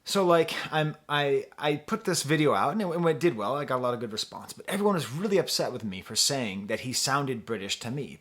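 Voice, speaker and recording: Middle-aged american guy rambling through a music review, chatty, jokes at his own expense, keeps restarting sentences, regular pitch. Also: fairly bright tone. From United States. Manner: rambling, chatty, self-deprecating with frequent restarts. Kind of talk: casual talking-head review.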